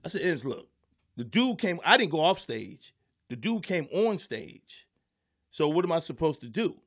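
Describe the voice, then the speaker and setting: A man's voice: fairly high pitch, big pitch swings, normal speed, fairly bright tone. A man who is a stand-up comedian, casually telling a story and acting out the voices and noises of the people in it.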